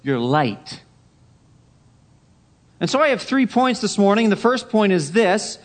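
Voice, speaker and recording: A man preaching a Sunday sermon, emphatic, repeating key phrases and dropping to a hush for effect. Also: sits high, very animated, slow. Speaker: pastor.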